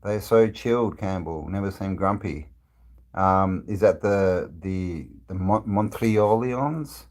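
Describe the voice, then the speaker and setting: A man with a very low voice hosts a casual live stream, answering viewers' comments as they come in. He rambles at a relaxed pace, trailing off and restarting his sentences with plenty of fillers. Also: slow pace. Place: indoors, travelling.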